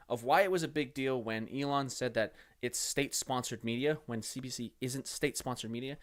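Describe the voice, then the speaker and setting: A man's voice: mid-range voice, a bit bright. A young man from Canada giving casual, profane, exasperated commentary as a streamer reacting to political clips, with frequent restarts.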